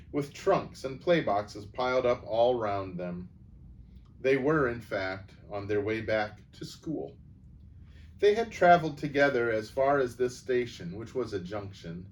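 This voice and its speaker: A man calmly reading a children's novel aloud as storyteller. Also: lowish voice. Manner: calm, even storybook reading. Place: church setting. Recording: distant mic, faint background noise.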